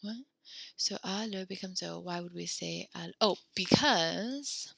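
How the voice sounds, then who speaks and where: A young woman teaching a French class over a video call from home, upbeat and encouraging as she gently corrects her students. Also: mid-range voice, measured pace, creaky, dry recording. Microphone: computer mic on a video call.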